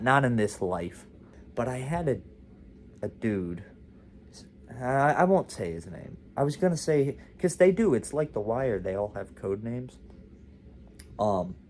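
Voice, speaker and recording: A man's voice: medium pitch, expressive, measured pace, a little mellow, slight background noise. A man telling a casual storytime to camera, rambling with frequent "like" and self-interruptions. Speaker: vlog host.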